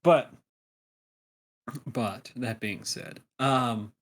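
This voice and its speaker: Relaxed man describing his character's moves. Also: mid-range voice, very slow. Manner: relaxed, hesitant, full of ums. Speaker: player. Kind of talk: casual table talk in a tabletop game.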